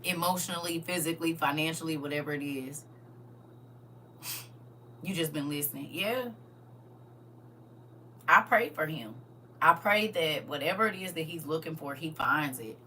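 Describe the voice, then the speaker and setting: A woman speaks in with a bright, forceful voice. She talks straight to her livestream viewers, emphatic and preachy. A faint hum sits behind her. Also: sits low, moderate pace, long pauses. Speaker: livestream host. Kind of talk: casual livestream talk.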